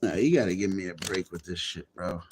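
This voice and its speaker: A man's voice: low voice, fairly quick, background noise. A man chatting casually on a livestream, rambling and swearing freely. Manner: profane, rambling, easily frustrated. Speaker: live streamer.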